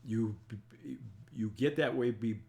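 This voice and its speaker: A man's voice: mid-range voice, takes it slowly, dark tone. Folksy older man chatting with viewers. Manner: folksy, rambling, chuckling. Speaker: talk show host reading live chat. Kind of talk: casual live-stream chat.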